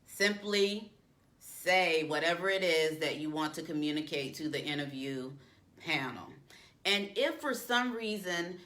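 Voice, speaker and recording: A middle-aged woman coaches listeners on job interview conduct in a low, bright, forceful voice. She is firm and instructive and comes back to her main points to drive them home. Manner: firm, repeats key advice for emphasis. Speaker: career coach.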